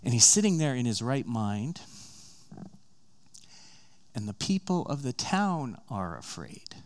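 A man's voice: medium pitch, big pitch swings, slow pace. A man preaching a sermon, retelling a story in a casual, conversational way and acting out the characters' lines.

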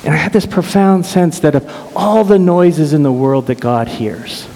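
A middle-aged man telling an emotional personal story earnestly, often halting and repeating words. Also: fairly high pitch, warm tone. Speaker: speaker sharing a personal story. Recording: reverberant hall with faint hiss.

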